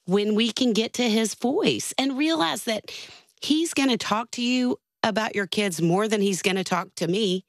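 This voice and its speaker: A woman speaking earnestly in a casual faith conversation, reading a devotional aloud slowly and deliberately. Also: fairly high pitch, dry recording, studio quality.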